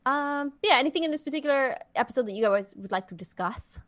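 Giggly podcast host woman, rather high. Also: animated, fast, a bit bright. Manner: bubbly, giggly, filler-heavy. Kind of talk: casual chat.

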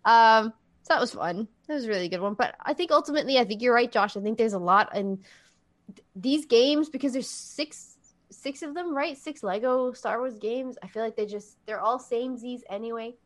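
A woman's voice: on the high side, moderate pace. A woman hosting a video game podcast in casual chat, bubbly and giggly with lots of fillers. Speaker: podcast host.

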